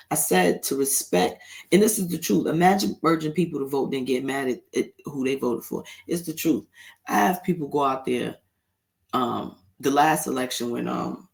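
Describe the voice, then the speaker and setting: A man's voice: fairly high pitch, creaky. A man hosting a solo commentary show, talking bluntly and heatedly and swearing freely. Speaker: podcast host.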